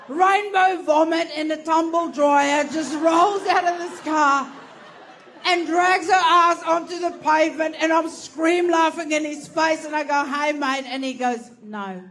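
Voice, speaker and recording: A high-pitched woman works through a stand-up comedy story. She talks with animated, profane energy and jumps into loud bursts. Faint audience laughter and light noise sit behind her. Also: unhurried, a faint crowd.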